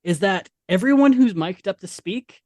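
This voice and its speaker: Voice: mid-range voice, expressive, normal speed, darkish tone, no room sound, clean studio sound. Wry, chuckling podcast co-host. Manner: wry, explanatory, chuckles often. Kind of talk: casual chat.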